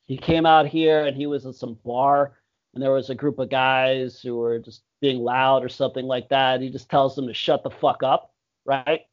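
A man's voice: mid-range voice, steady tone, moderate pace. A young man chatting casually on a podcast, laid-back and swearing a lot. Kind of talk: casual chat. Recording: dull lo-fi audio.

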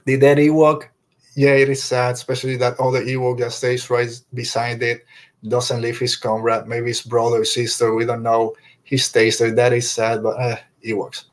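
A man co-hosting a podcast, talking casually and enthusiastically, rambling and slipping into quick impressions of characters. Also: medium pitch, completely flat delivery. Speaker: podcast co-host. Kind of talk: casual fan review chat.

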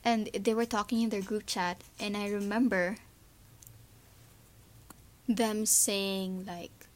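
A woman's voice: mid-range voice, fairly even intonation, slow, pauses often. A Filipino woman hosting a podcast and sharing her views in an earnest, emotional, casual way, with frequent fillers. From Philippines. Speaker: podcast host. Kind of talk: casual personal commentary.

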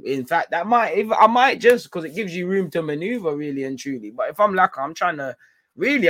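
A man's voice: mid-range voice, no room sound. Laid-back man on a livestream. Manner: laid-back slangy banter, trailing off into fillers. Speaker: football livestream host. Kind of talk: casual livestream chat reading viewer comments.

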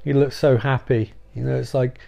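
A man giving an excitable, profane, rambling comedic recap of a film. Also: mid-range voice, moderate pace, creaky. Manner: excitable, sweary, rambling asides. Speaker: movie recap commentator.

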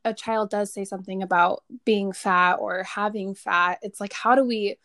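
A young adult woman, a podcast guest, talking in a thoughtful, measured way. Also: mid-range voice, steady tone, pushed and bright, dry recording, clean studio sound. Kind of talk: casual conversation.

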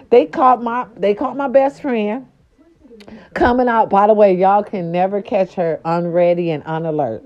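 A sassy woman host dishing gossip in a loose, slangy way, her pitch leaping all over as she hypes each point. Her voice is mellow and warm. The recording is dull and lo-fi. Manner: animated, sassy, slangy, dramatic pitch swings. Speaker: show host. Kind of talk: casual celebrity gossip monologue. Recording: dull lo-fi audio.

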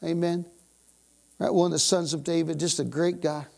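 A woman's voice: fairly low pitch, steady tone, moderate pace, vocal fry, mellow. A woman preaching a sermon, exuberant, bursting into exclamations of praise and dwelling on repeated phrases.

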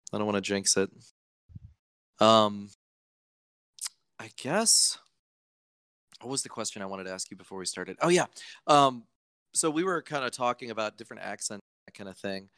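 A young man from Virginia hosts a relaxed podcast conversation, wandering off into jokey asides. His voice is crisp and ringing, sitting a touch low. The sound is dry and close, with no room around it. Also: moderate pace, long pauses, no room sound. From Virginia, United States. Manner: chatty and rambling, jokey asides. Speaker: podcast host. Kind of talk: casual podcast chat.

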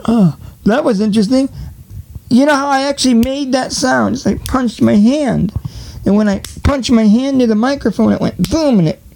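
A man's voice: extremely high pitch, moderate pace, vocal fry. A man hosting his own podcast, rambling casually from home with profane jokes and frequent laughter. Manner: profane, laughing, jokey rants. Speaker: podcast host. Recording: loud static noise on home mic.

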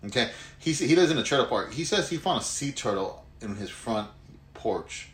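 A man's voice: medium pitch, expressive, moderate pace. A man from Houston telling rambling stories in casual, profane chat. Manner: rambling storyteller, profane, laughs a lot. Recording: echoey room with faint ambience.

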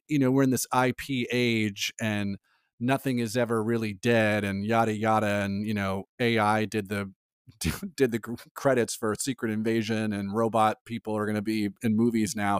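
A man co-hosting a casual pop-culture podcast, talking in an animated way with lots of fillers and frequent laughs. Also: on the low side, clear, resonant tone, no room sound, studio quality. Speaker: podcast co-host.

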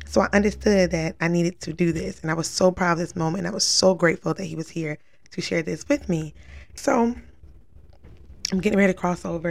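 A woman's voice: fairly low pitch, creaky. A woman casually telling a long personal story, rambling and earnest, full of "like" fillers. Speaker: vlogger recounting a dream.

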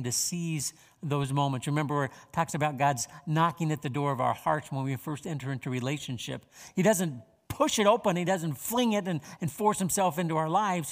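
A man preaching a sermon as pastor, measured and unhurried, with frequent "uh" fillers and repeated words. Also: a little high, gravelly, long reverb tail.

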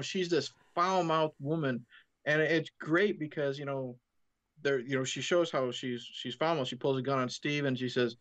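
A man's voice: mid-range voice, lo-fi sound. A man in casual conversation, eagerly recounting film scenes in detail.

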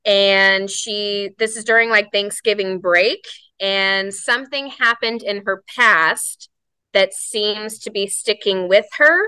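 Bright, smooth-voiced woman theater director. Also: mid-range voice, steady tone, slow pace, no room sound, low-quality recording. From Southern California. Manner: enthusiastic, rambling explanations. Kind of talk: casual interview.

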